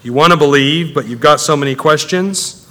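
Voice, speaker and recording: Pastor guy preaching, bright forceful voice, chatty and fired up, big reverb from the hall. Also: fairly high pitch, normal speed. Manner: animated, conversational preaching with rising intensity. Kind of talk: sermon. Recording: echoey hall with long reverb.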